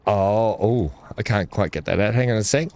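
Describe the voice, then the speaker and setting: A man's voice: fairly low pitch, moderate pace, a little mellow. A man chatting casually while unboxing gifts, muttering asides and talking to his dog. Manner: muttering asides, frequent throat clearing. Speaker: gaming video creator.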